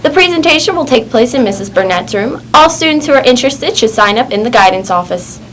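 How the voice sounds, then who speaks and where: A woman reading school morning announcements in a clear, upbeat way. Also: on the high side, expressive, fast talker, a bit bright, a little hiss or hum, rough recording.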